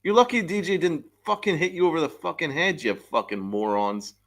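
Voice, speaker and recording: This sports rant comes from a man hosting a live-stream podcast, furious and swearing a lot as he reads out and responds to chat. He speaks a bit fast in a somewhat high, animated, slightly bright voice.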